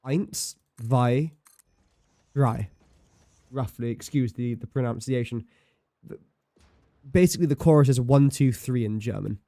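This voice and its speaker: A man's voice: mid-range voice, normal speed, dark tone, dry recording, clean studio sound. A young man chatting casually while livestreaming a game, rambling and correcting himself as he talks. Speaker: streamer. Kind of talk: casual gameplay livestream chat.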